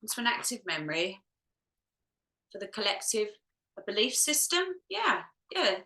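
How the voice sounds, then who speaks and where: A woman leading a group healing session, musing softly and talking herself through each step, at times close to tears. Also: medium pitch, very animated, moderate pace, roomy sound, rough recording. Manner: soft, musing, talks to herself while checking. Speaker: energy healer.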